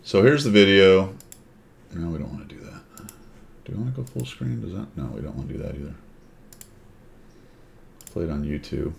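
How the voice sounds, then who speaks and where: A man's voice: low voice, animated, normal speed, gravelly, long pauses. A man hosting a casual chat, rambling and thinking aloud. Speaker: host.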